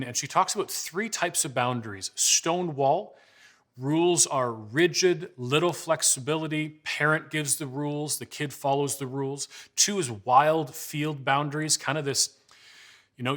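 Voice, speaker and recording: A man's voice: a little high, a bit bright. A man in his forties giving a parenting talk with slides, telling conversational stories and acting out dialogue. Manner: storytelling, conversational, acts out dialogue. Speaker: parenting speaker. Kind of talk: presentation with slides.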